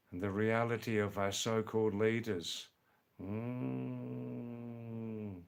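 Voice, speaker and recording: The host is a middle-aged Australian on a casual livestream, replying to viewers in a medium-pitched, creaky voice with a clean tone. He speaks emphatically, repeats his key phrases, and ums often.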